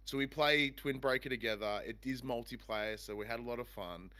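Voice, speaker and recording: A man's voice: mid-range voice, fairly quick, hardly any pauses, bright, forceful tone. Rambling man hosting a podcast. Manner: rambling, enthusiastic. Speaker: podcast host. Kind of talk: casual review chat.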